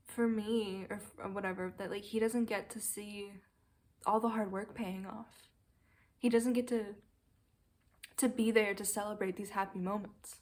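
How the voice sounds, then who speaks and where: Candid young woman, halting video diary. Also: medium pitch. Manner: candid, halting, with many fillers and restarts; emotional, near tears. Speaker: vlogger recovering from a brain injury.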